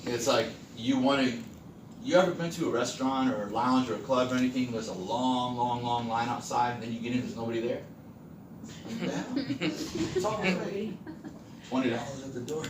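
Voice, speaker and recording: A man's voice: mid-range voice, fairly even intonation, brisk. Man coaching a sales group, echoey. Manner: conversational storyteller who quizzes the audience. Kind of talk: sales training talk to a live group. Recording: echoey room, distant mic, background noise.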